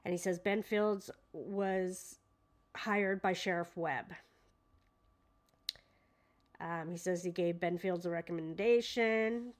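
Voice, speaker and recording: At home with her dogs, a true crime commentator casually reads a court deposition aloud and comments on it, sounding incredulous, hesitant, and full of fillers. Her voice is on the low side, and she goes slowly with long pauses.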